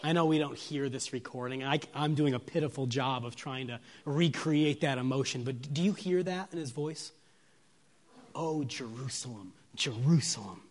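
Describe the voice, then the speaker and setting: A man preaching an expository sermon. He asks his listeners rhetorical questions and moves from soft, low lines to raised, emphatic ones. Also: moderate pace, few pauses. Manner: lingers on single words for weight.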